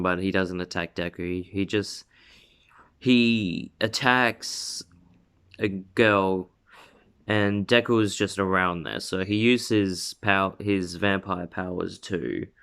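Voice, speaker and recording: A young man drifts through a homemade story in his room. His voice is low and smooth. He is slow and unhurried, and he keeps restarting and filling gaps. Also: a bit bright. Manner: rambling, many fillers and self-corrections. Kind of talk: casual spoken fan story.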